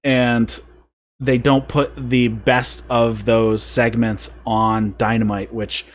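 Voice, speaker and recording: A man's voice: medium pitch, flat delivery, slow pace, a little hiss or hum. Man casually recapping a wrestling show. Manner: recaps events at length, chuckling at odd moments. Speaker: podcast host. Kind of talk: casual wrestling review chat.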